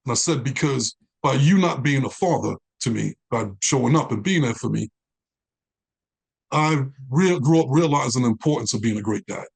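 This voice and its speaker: A man, a guest in an interview, telling his life story with animated quoted dialogue. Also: mid-range voice, normal speed, gravelly, husky. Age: 40s.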